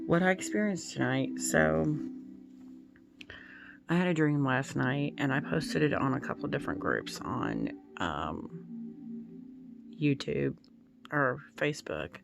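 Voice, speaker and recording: A woman's voice: extremely low pitch, very animated, slow pace, gravelly, long pauses, music in the background. A woman telling a story in a casual home vlog as a tarot-reading YouTuber, in a meandering, hesitant way.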